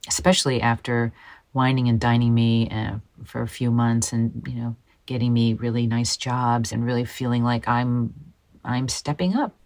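A woman telling her own story in an interview, speaking softly and haltingly and often dropping to a hushed near-whisper. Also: rumbling low, steady tone, rough recording. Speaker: interview guest, model.

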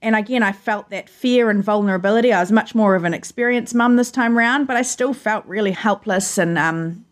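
A woman's voice: mid-range voice, fairly quick, few pauses. A woman, a journalist telling personal stories in an earnest, emotional way during an interview from her home. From New Zealand. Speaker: journalist guest. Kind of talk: remote interview, personal storytelling.

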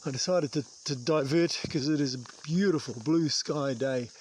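This is casual hiking vlog talk from a New Zealand man walking a long trail through the bush, joking at his own expense and swearing mildly to the camera. His pitch is fairly high and his pace moderate. Insects and general outdoor noise sit behind him.

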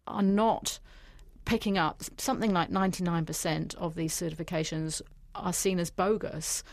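A woman's voice: on the low side, fairly even intonation, normal speed, no echo. A woman journalist, talking animatedly in a radio interview. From New Zealand.

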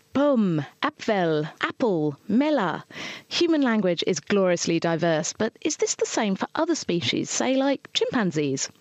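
A woman's voice: mid-range voice, dry recording. A woman presenter playfully introducing a science item on a radio show. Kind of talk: scripted presenting.

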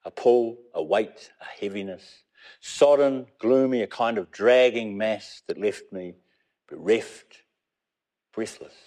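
New Zealand man in his fifties, dark mellow tone, unhurried reflective memoir reader. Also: fairly low pitch. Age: 50s. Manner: measured and reflective, weaving in Māori phrases. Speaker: memoir narrator.

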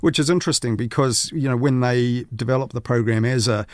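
A man's voice: mid-range voice, a little fast, a little mellow, dry recording. Man in a radio studio, dry close mic, casual commentator, wanders and restarts. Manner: chatty, rambling with fillers and restarts. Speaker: media commentator.

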